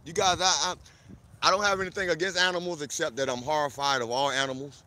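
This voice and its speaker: Lively man live-streaming from a park. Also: a little high, quick pace. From South Florida. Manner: animated, greets viewers by name, laughs often. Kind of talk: casual live-stream chat. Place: outdoors in a park.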